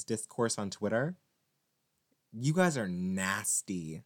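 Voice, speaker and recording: A man vlogging to his viewers in a casual monologue, animated and teasing, rambling with many restarts. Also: medium pitch, slow.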